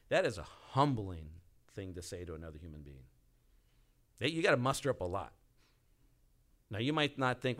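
A man's voice: medium pitch, expressive, brisk, a bit bright. A male pastor preaching a conversational sermon, speaking directly to the congregation and acting out the pleas he quotes. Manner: conversational, repeats and restarts, acts out quoted pleas.

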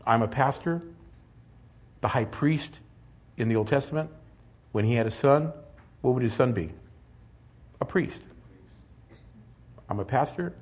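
A man's voice: mid-range voice, lively intonation, a little slow, long pauses, darkish tone, breathy edge. A middle-aged man preaching a sermon as pastor, earnest and rising to emphatic peaks.

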